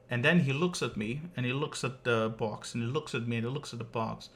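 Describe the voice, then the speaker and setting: A man's voice: mid-range voice, steady tone, brisk, few pauses, fairly bright tone, slight background noise. Brief: male streamer, mid-range voice, casual rambling storyteller. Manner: rambling, with frequent filler words and swearing.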